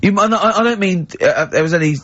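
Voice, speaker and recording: A man with an English accent hosting a radio show, telling anecdotes in lively casual banter and laughing a lot. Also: fast talker. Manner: lively storyteller, laughs often, high-pitched giggle. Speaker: radio host. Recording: dull lo-fi radio broadcast.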